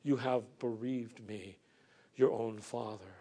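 A preacher puts on an aged father in the grip of grief, reproachful and mistrustful toward his sons. The voice is fairly high for a man and sinks low with sorrow. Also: animated, unhurried. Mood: lamenting.

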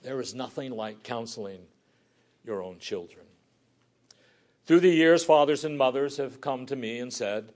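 A male pastor preaching a sermon earnestly, swinging from forceful emphasis down to hushed, near-whispered lines. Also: medium pitch, measured pace, long pauses.

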